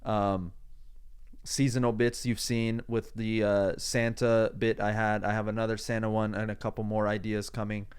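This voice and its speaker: Smooth-voiced man hosting a rambling podcast. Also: fairly low pitch, little pitch movement, normal speed. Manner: rambling, upbeat, frequent restarts, swears. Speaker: podcast host. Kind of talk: casual solo podcast monologue.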